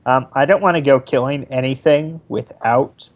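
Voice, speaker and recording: A man's voice: medium pitch, normal speed, muffled recording. Tabletop player, thoughtful man, casual talk. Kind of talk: casual chat at a game table.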